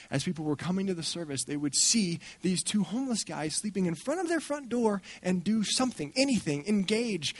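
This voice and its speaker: A man speaking at a church gathering, telling a story in an animated way and acting out the people he quotes. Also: on the high side, dry recording. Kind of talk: storytelling talk.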